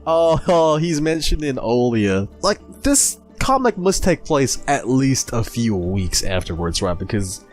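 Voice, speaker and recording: A man hosting a video, chatting casually and gushing excitedly as he reads through comics, laughing often. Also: medium pitch, measured pace, few pauses, soft background music. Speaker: video host. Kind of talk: casual commentary while reading comics.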